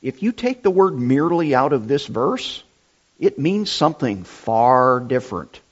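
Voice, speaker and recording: A middle-aged man preaching a sermon, deliberate and emphatic, repeating his key phrases. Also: mid-range voice, sing-song. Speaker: pastor. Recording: dull lo-fi sound.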